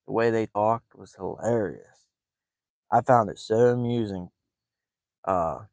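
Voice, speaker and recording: A rambling, amused man who drifts from story to story and laughs often. His voice sits on the low side, recorded close and dry with no room sound. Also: darkish tone, no echo. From West Virginia and Ohio. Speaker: fishing vlogger. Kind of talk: casual storytelling.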